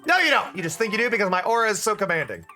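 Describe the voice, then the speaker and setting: A man putting on a bossy old granny, high and shrill, loud and grandly boastful, soft music underneath. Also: very animated, very fast, full character voice. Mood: demanding. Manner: brash, boastful and pushy. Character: elderly woman, bossy, vain and demanding. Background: faint music.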